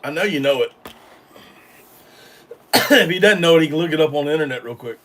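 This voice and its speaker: This livestream host's voice sits on the high side and is a bit bright, with lively intonation and a fairly quick pace, picked up by a distant mic. He chats casually with viewers and reads chat, rambling and hesitating, full of ums and restarts.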